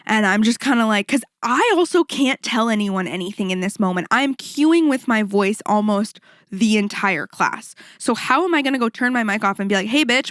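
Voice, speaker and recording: A woman hosting a podcast and telling a story in a casual, animated, rambling way, swearing freely and throwing in quick asides. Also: mid-range voice, no room sound, clean studio sound. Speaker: podcast host and fitness instructor.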